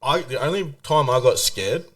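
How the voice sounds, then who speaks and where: A man's voice: mid-range voice, lively intonation, normal speed, fairly bright tone, far from the mic. A young man, co-hosting a casual chat in a laid-back, mumbling way. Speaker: podcast co-host.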